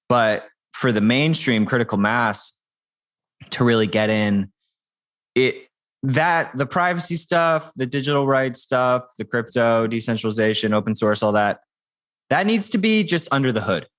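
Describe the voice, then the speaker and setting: A man's voice: medium pitch, animated, unhurried. A man who is a tech company founder, speaking as a guest in a casual podcast interview, talking loosely with frequent restarts and fillers. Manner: conversational, many restarts and fillers.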